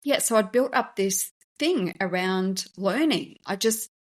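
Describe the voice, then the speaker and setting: A woman's voice: mid-range voice, lively intonation, a little slow. A woman hosting a podcast, telling a personal story in a candid, emotional, conversational way. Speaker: podcast host and business founder.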